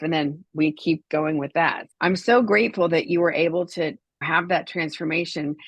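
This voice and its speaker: A woman who hosts a podcast and performs comedy, chatting in a bubbly, expressive way with quick reactions. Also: on the low side, dry recording. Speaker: podcast host, comedian and speaker. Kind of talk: casual podcast chat.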